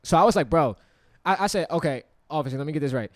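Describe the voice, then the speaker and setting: Animated young man telling a story. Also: fairly high pitch, fast, dry recording, clean studio sound. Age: 20s. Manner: animated, profane, acts out quotes. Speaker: podcast co-host. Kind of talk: casual storytelling.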